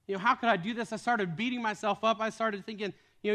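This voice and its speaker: A man's voice: high voice, fairly even intonation, fast, pushed and bright. A young man preaching a sermon with earnest storytelling, often repeating words as he starts sentences. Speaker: pastor.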